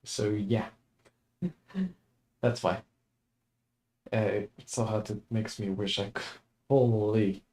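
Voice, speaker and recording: A young man streams a game with relaxed, rambling commentary. His voice is mellow and warm, at an ordinary pitch. He takes his time, drifting from thought to thought with easy laughs. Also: takes it slowly, long pauses. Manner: laid-back, chatty, chuckles often. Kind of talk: casual let's-play commentary.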